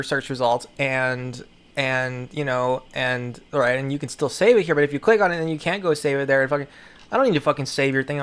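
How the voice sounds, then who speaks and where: A woman giving casual commentary in a profane, rambling, exasperated way. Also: very deep voice. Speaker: video creator.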